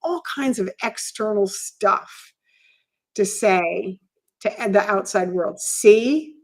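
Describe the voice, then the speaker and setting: A woman's voice: medium pitch, slow. A middle-aged woman co-hosting a podcast, speaking in a candid, reflective way and leaning often on "you know". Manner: reflective, open, with many "you know" fillers. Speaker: podcast co-host.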